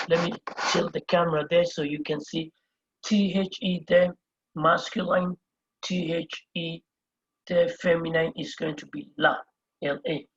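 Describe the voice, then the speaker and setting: Slow, husky-voiced Spanish teacher. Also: mid-range voice, a bit bright, highs cut off. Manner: spells words out letter by letter, repeats each term; patient, explains step by step. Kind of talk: whiteboard language lesson. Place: indoors at a whiteboard.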